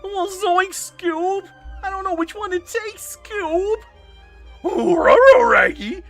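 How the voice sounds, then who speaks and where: A man voicing a goofy, panicky male cartoon dog in a high, squeaky, garbled voice. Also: slow, gravelly, a bit bright, soft background music, full character voice. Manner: garbled, sing-song dog-speak.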